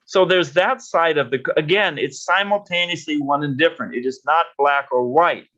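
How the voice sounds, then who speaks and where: A man's voice: a little high, normal speed, pushed and bright, dull audio. A man giving a lecture on leadership, telling stories and acting out quotes.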